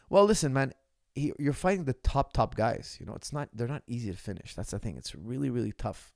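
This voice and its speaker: A man with a gravelly, mid-pitched voice talks in a casual Q&A as a fight coach. He lectures emphatically and mocks the questions he gets. The sound is dry and close. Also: lively intonation, fairly quick, a little mellow, no room sound. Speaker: martial arts coach. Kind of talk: casual Q&A monologue. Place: lives in Canada.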